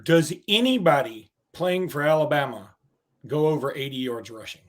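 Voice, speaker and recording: A man's voice: a little high, expressive, normal speed. A man co-hosting a sports podcast, asking prediction questions with dry, teasing humor. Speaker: podcast co-host. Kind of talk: casual sports chat.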